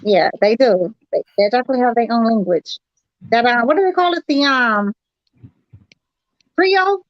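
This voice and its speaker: Casting: high-pitched woman, loose cursing banter, dry slightly dull mic. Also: expressive, moderate pace, pauses often, dry recording. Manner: loose, profane and laughing. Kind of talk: casual group chat.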